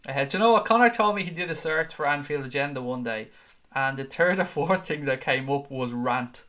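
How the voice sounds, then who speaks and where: A man's voice: fairly high pitch, animated, fairly quick, bright, forceful tone. Chatty, jokey man hosting live. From Ireland. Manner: chatty, jokey and profane, teasing his co-hosts. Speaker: host of a fan channel live show. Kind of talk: casual live-stream chat reading viewer comments.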